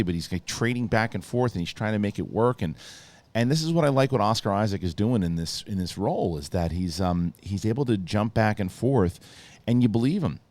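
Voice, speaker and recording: Male TV reviewer and host, slightly low voice, chatty, excited, talks in loose restarts and asides. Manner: rambling, lots of restarts and asides, enthusiastic. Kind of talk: casual spoiler review monologue.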